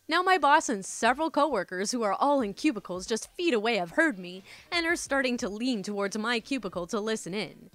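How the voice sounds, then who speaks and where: A woman's voice: on the high side, sing-song, normal speed, bright, forceful tone, no echo. A woman hosting a storytime channel, reading stories and chatting casually, swearing and calling listeners "my dudes".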